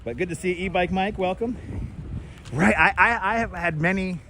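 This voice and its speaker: Out on a city street, a man with a high-sitting, sharp-toned voice runs a relaxed live walking tour at a moderate pace. He chats and welcomes viewers by name, wearing a wireless lavalier. There is slight background noise.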